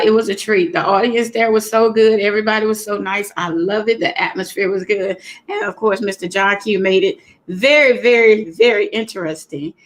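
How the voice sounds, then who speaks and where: A woman talks casually on her livestream, in a fairly high voice. She is chatty and warm and keeps greeting and thanking her viewers. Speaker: livestream host.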